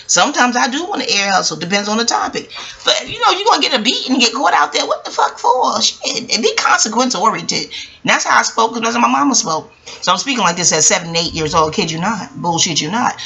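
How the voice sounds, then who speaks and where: Animated, profane New York woman in her forties. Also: a little high, brisk, creaky, poor audio. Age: 40s. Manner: profane, animated storytelling with asides. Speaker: book reviewer. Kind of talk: casual rambling monologue.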